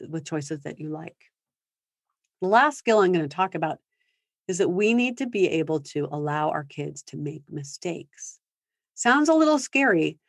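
A woman with a fairly low voice presents a parenting seminar online, talking in a relaxed, conversational way. She picks up from a video call microphone, and the sound is dry and close with no room echo. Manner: conversational, acts out sample phrases for parents to use. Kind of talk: live online seminar talk.

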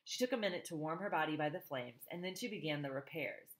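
A woman's voice: low voice, lively intonation, quick pace. A woman reading a novel aloud, stopping for chatty asides to her listeners. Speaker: reader.

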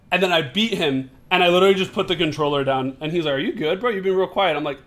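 A young man co-hosting a gaming video, telling stories with lots of swearing and loud laughter. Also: a little high, very fast. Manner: profane, storytelling, loud laughing outbursts. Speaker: gaming co-host. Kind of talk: casual gaming chat.

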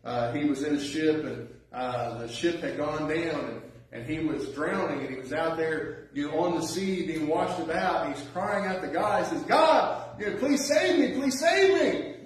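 A man's voice: fairly high pitch, fairly even intonation, normal speed, few pauses. A man preaching a sermon, reading scripture aloud and then urging his listeners with earnest, rising emphasis. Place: church sanctuary. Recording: very echoey church hall, mic at a distance.

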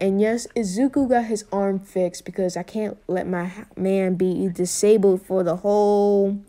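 A young woman casually retelling a fan what-if story in a mellow, warm voice. She rambles, restarts and fills pauses with ums as she goes. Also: medium pitch. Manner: rambling, with many fillers and restarts.

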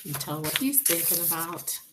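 A woman's voice: lowish voice, animated, background noise. A woman teacher giving a recorded reading lesson, patiently explaining sounds, sight words and punctuation. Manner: patient, explanatory, slow and deliberate.

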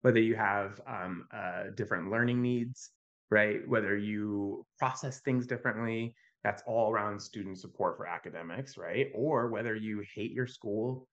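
A man speaking as a podcast guest in an animated, conversational way. He tells stories and often checks in with a quick "right?". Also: on the low side, lo-fi sound. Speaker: podcast guest, youth mental health advocate. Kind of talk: conversational storytelling.

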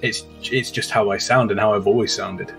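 A man with an English accent often called posh, chatting as a podcast guest in a relaxed, rambling way. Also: lowish voice, brisk, soft background music. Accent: English, said to sound posh. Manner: relaxed, rambling, repeats words as he starts. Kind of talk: casual podcast chat.

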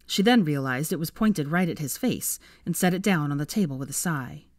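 Woman, storybook narration, low voice, lively pitch, dry close sound. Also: no echo. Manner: expressive, measured reading. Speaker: fanfiction reader.

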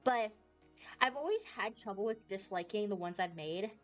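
A woman's voice: medium pitch, animated, normal speed, soft background music. Bubbly woman streamer rambling over a game. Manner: bubbly and rambling, squeals when startled. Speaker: VTuber streamer. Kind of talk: casual gameplay commentary.

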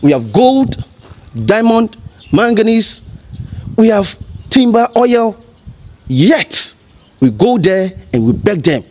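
Impassioned Ghanaian man with a lively voice. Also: high voice, takes it slowly, long pauses. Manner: emotional, full of rhetorical questions. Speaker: TV commentator. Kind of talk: impassioned commentary.

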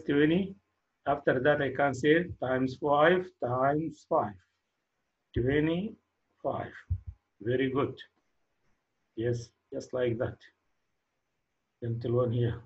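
Slow-spoken male teacher. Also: mid-range voice, dull audio. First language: Arabic. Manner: slow, encouraging, repeats praise, non-native English phrasing. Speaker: math teacher. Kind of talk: classroom math lesson.

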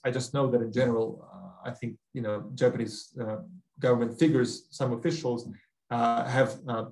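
A man's voice: medium pitch, a little mellow, low-quality recording. Hesitant Russian-accented man. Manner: hesitant, many fillers and restarts. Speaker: guest speaker. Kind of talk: academic Q&A answer.

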